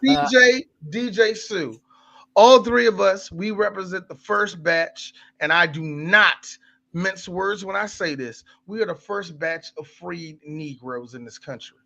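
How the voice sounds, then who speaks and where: A man co-hosting a podcast, talking in heated, profane bursts that swing up and down in pitch. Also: a little slow, creaky, bright, forceful tone, dull audio. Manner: impassioned, profane, sweeping in pitch. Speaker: podcast co-host. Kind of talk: heated casual discussion.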